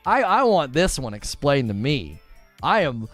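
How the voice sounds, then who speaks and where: A man's voice: medium pitch, very animated, unhurried, dry recording, faint music behind. A man hosting a talk show, giving argumentative and sarcastic commentary and laughing at his own points. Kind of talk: opinionated commentary.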